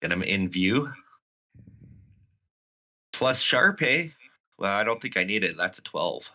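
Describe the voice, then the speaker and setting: Deep-voiced casual male player. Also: very animated, measured pace, highs cut off. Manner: casual, plainly stating actions. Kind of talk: tabletop game play.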